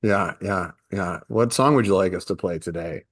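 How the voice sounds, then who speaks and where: A man's voice: sits low, moderate pace, no echo, studio quality. A man hosting a podcast, playful and joking with his co-hosts before explaining a topic at length. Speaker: podcast host. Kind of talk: casual podcast chat.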